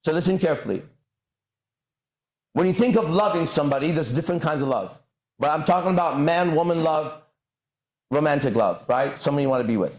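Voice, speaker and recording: A man's voice: on the high side, expressive, fairly quick, long pauses, a little mellow, roomy sound. A man hosting a podcast, delivering a lecture-style monologue and checking in with the listener over and over. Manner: keeps checking in with "right?" and "okay?". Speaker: podcast host.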